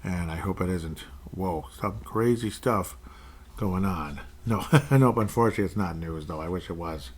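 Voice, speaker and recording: A man's voice: low voice, normal speed, husky. A man hosting a solo sports podcast, rambling and joking as he goes through player contracts, sometimes playing with his voice. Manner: rambling, jokey, plays with his voice. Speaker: podcast host.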